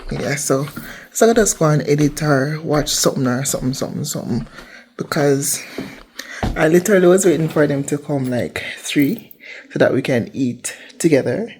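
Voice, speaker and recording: A young Jamaican-accented woman, a vlogger and seasonal worker, chats casually from her home kitchen, rambling and repeating herself. Her voice is deep and a little mellow at a normal speed. There is a little hiss or hum in the recording.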